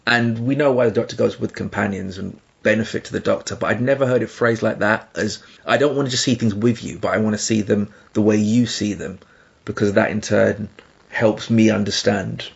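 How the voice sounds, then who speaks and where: A man co-hosting a podcast, talking in an animated, emphatic way with laughing asides. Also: fairly low pitch, fairly quick, creaky, husky, lo-fi sound. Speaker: podcast co-host. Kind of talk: casual discussion.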